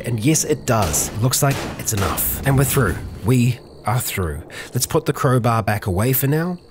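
A man hosting a let's play, calmly narrating his character's moves in a chatty, roleplay-style game commentary. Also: medium pitch. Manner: calm, chatty, narrates in third person about his character.

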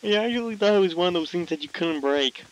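A man's voice: sits high, animated, fast talker. A man casually commentating a video game, playful and teasing, laughing often. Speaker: gameplay commentator.

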